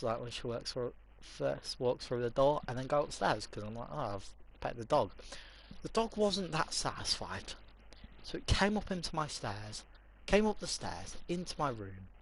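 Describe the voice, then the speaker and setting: A man's voice: medium pitch, a little hiss or hum. A young man, co-hosting a casual podcast chat and telling funny stories with laughter. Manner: animated, laughing storyteller. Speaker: podcast co-host.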